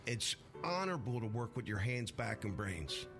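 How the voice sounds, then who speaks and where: A man's voice: mid-range voice, big pitch swings, normal speed. Older man, retired union member, earnest, proud, stumbling speech, music behind. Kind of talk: recorded interview clip. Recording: music underneath.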